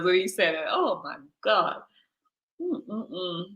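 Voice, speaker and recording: Bright-voiced blunt woman streamer. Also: fairly low pitch, sing-song, takes it slowly, poor audio. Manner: blunt, swears, bursts into laughter. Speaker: livestream host. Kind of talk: casual live chat. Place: lives in Ghana.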